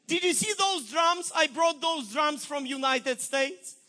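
A man voicing an indignant pastor protesting to God, exasperated and loud. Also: very high voice, measured pace, heavily acted.

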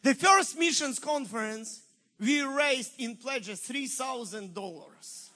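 A man with a Ukrainian accent preaching a sermon, telling a story in an animated, emphatic way. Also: very high-pitched, slow pace. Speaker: pastor.

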